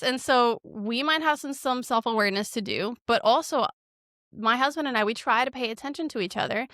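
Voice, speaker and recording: An expressive woman therapist talks through relationship advice in a casual podcast chat, voicing little quoted exchanges as she goes. Her voice sits on the higher side. The recording is close and dry, with no room sound. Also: fairly quick, no room sound. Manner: animated, acts out quoted lines. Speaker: marriage and family therapist guest.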